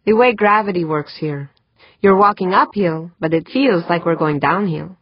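Brief: wry, joking young guy, read by a woman narrator, low voice, dull dry sound. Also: normal speed, dry recording, natural voice.

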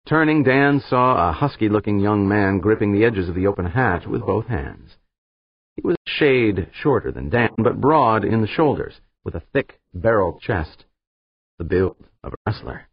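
A man narrating an audiobook in a steady, measured reading style. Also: lowish voice, husky, no echo. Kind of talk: scripted narration. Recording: slightly dull, dry recording.

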